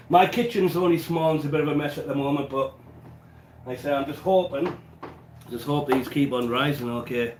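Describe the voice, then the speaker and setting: An English man from England hosts a live cooking stream in a small home kitchen, chatting with viewers and answering them while baking. His voice is on the high side and a little mellow, at a moderate pace with frequent pauses. He has a stuffy nose and coughs now and then, and the echoey room carries a little hiss or hum.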